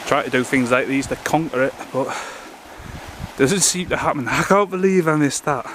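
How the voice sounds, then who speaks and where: A man's voice: medium pitch, normal speed. Breathless man filming outdoors. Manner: chatty, swears a lot, self-mocking. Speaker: outdoor vlogger. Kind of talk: casual self-filmed commentary. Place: rocky sea coast outdoors. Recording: noisy outdoor camera audio.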